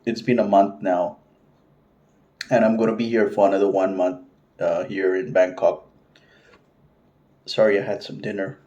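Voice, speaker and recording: A middle-aged man talks to camera in a loose, rambling way, stacking fillers and restarting his sentences. His voice sits very low. The sound is dull and lo-fi. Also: little pitch movement, normal speed, long pauses, warm tone. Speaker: vlogger. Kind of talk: casual talk to camera.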